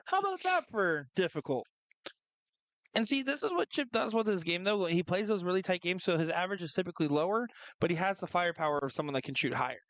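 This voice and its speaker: High-voiced man calling darts. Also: lively intonation, a bit bright, no echo. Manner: chatty, joking, quick analytical asides. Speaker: darts commentator. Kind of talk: live sports commentary.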